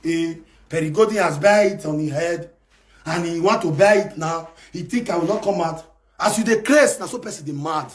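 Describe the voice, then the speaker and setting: A man with a Nigerian accent ranting on a live stream, shouting, scolding and taunting. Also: a little high, normal speed. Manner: shouting, scolding and taunting in Pidgin-laced English. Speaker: live video host. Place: abroad in France.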